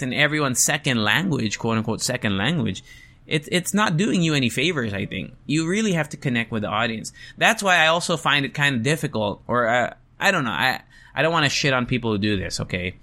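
A man who hosts events talks casually to camera in a bright, ringing voice, mixing English and Tagalog. His pitch jumps around a lot as he swears and jokes. Tagalog is not his first language, and he did not grow up in the Philippines. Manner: mixes English and Tagalog, swears freely, animated. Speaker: event host.

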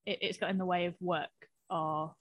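A woman's voice: lowish voice, steady tone, normal speed, no room sound. Hesitant woman comedian chatting. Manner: hesitant, many fillers and restarts. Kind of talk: casual chat.

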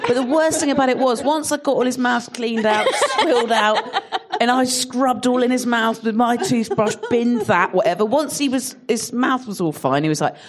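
A woman's voice: on the high side, moderate pace, crowd noise. A woman comedian telling comic stories in a chat, laughing as she talks. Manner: animated, laughs through her stories.

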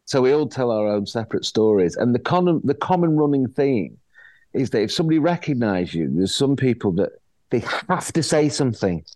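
A middle-aged man tells stories in a loose, lively way. He keeps restarting his sentences and slips into the voices of the people he's describing. His voice sits at a medium pitch and is recorded dry and close. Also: fairly quick, no room sound. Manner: animated storyteller, acts out quoted voices, frequent restarts. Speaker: actor guest. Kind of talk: casual anecdotal chat.

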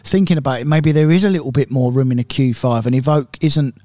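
A man's voice: mid-range voice, fast, warm tone, no echo. A man co-hosting a podcast in casual chat, blunt and matey. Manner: blunt, says "mate" a lot. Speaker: podcast co-host.

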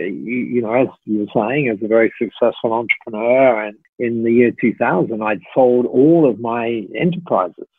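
Chatty middle-aged guy on a podcast, lots of uhs and restarts, husky, dry phone-line sound. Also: medium pitch, no room sound. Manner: chatty storyteller with many fillers and restarts. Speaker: podcast guest, company founder. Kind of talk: storytelling podcast interview.

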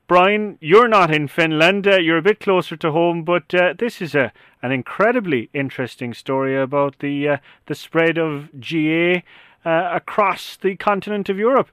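A man's voice: a little high, moderate pace, fairly bright tone, smooth, no echo. An Irish man hosting a sports podcast, friendly and a little hesitant, with frequent fillers. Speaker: podcast host.

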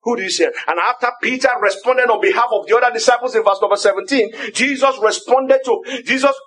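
A man with a Nigerian accent preaching a sermon, firing repeated rhetorical questions and rising to emphatic shouts on key phrases. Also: very high-pitched, fast.

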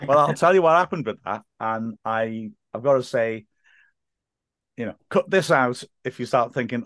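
A man's voice: mid-range voice, lively intonation, measured pace, fairly bright tone, no room sound, clean studio sound. A man, a football commentator chatting as a podcast guest and telling stories with many restarts. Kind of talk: casual podcast chat.

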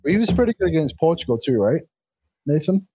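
A man's voice: fairly high pitch, big pitch swings, brisk, dark tone, breathy edge, dry recording. A man co-hosting a football podcast, laid-back in casual chat. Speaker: podcast co-host.

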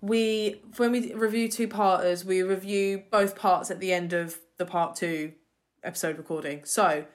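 A woman co-hosting a podcast, chatting in an animated way and often repeating words. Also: mid-range voice, unhurried. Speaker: podcast co-host. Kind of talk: casual chat.

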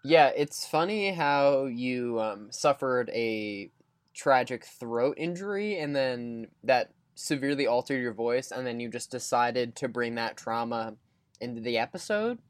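A young man co-hosting a podcast, teasing his partner in a deadpan, mock-formal way. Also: mid-range voice, a little slow, clean tone, no echo. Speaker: podcast co-host. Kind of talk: casual banter.

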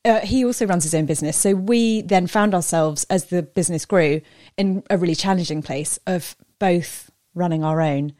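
A woman's voice: fairly low pitch, normal speed, few pauses, a little mellow, dry recording, clean studio sound. A woman in her forties co-hosting a podcast, chatting candidly about family and her garden design business. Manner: candid, chatty, calls people pal. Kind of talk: casual chat.

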